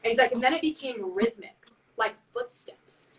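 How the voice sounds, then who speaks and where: A woman telling a spooky story in casual chat on a live stream, animated and full of "like", acting out what people said. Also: a little high, moderate pace, distant mic, rough recording. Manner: animated, heavy use of "like", acts out quotes. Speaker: band member on a live stream.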